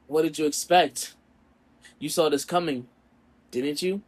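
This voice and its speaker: A man's voice: fairly high pitch, measured pace. A man voicing a remorseful male cartoon jester who apologizes through tears, in his everyday voice. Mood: bitter. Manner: apologetic, pleading.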